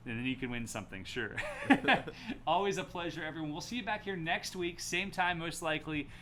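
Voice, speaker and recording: An upbeat man hosts a casual livestream, calling out viewer names and chatting freely. His voice sounds bright and forward. A faint hum of ambience sits behind him. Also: on the high side, animated, fairly quick. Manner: upbeat, reads chat names aloud. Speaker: livestream host.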